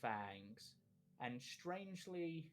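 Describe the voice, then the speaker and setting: A man narrating as game master of a tabletop game, in measured, descriptive narration with small restarts. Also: a little high, sing-song, rough recording.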